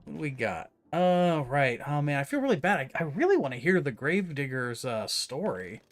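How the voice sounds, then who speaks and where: A man's voice: a little high, sing-song, moderate pace, faint music behind. A man streaming a horror game, chatting casually and joking about his own voices. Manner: chatty, self-mocking, reads on-screen text aloud. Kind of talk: casual gameplay commentary.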